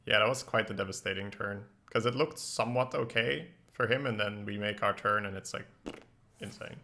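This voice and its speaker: A man's voice: on the low side, brisk, sharp tone. A man streaming a card game, talking through his plays in casual, analytical commentary and laughing easily. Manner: analytical, thinks aloud about plays.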